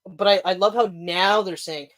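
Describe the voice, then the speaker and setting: A man co-hosting a podcast in casual chat, animated and profane, laughing often. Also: sits high, normal speed. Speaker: podcast co-host.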